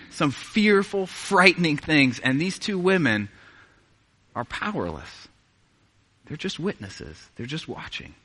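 Guy preaching, super bright tone, lots of ups and downs, chatty sermon style. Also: mid-range voice. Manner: conversational, swings from hushed to emphatic. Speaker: pastor.

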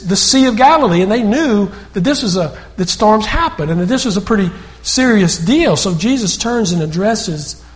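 A man preaching a sermon in a conversational storytelling way, often repeating words and restarting sentences. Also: high voice.

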